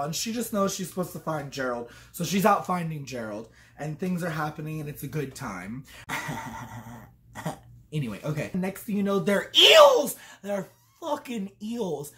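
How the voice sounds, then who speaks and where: A tipsy woman vlogger giving a rambling comic review, swearing freely and acting out quotes along the way. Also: mid-range voice.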